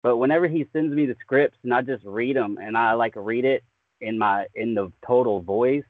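A man's voice: medium pitch, moderate pace, no room sound. A man, a voice actor guest, chatting casually and enthusiastically, often saying "man" and "dude". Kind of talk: casual podcast chat. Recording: tinny phone-like line, dry.

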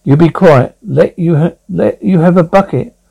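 A man's voice: fairly high pitch, normal speed, gravelly, dark tone, breathy edge, rough recording. A man voicing a cruel male trafficker who taunts his captives in a sneering way. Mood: menacing.

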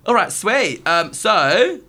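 A man's voice: sing-song, slow pace, sharp tone. A man co-hosting a casual chat podcast, gossipy, often laughing and quoting people. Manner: gossipy, laughs often, quotes people in high put-on voices. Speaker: podcast co-host.

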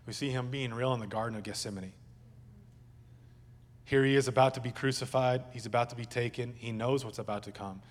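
A man's voice: mid-range voice, steady tone, a little fast, big-room sound. A male pastor preaching a sermon at a church service in a conversational, joking way, with asides to the congregation.

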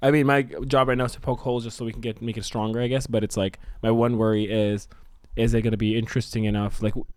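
A man's voice: mid-range voice, level tone, fast talker, dry recording, clean studio sound. A man co-hosting a podcast who talks in a rambling, sweary way while brainstorming a story idea, laughing often. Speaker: podcast co-host. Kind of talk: casual brainstorming chat.

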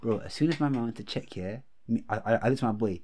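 Young man, casual chat, animated storyteller with heavy slang. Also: medium pitch, quick pace. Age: young adult.

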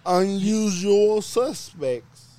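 A slightly high-voiced man who talks slowly and easily, laughing as he defends his film picks. The sound is close and dry. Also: dark tone, no echo. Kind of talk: casual banter about movies.

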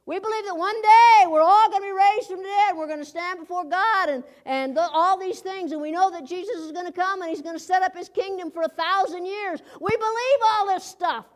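Folksy woman preaching a lively sermon. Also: extremely high pitch, brisk, hardly any pauses. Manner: folksy, lively, with frequent rhetorical questions. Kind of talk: conversational sermon.

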